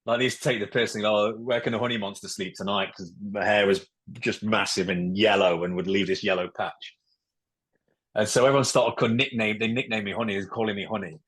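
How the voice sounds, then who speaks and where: A man in his forties talks with a low, husky voice, candid and blunt. He tells stories in loose casual chat and swears freely. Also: a little fast, a bit bright. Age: 40s. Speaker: podcast guest, musician and ex-footballer.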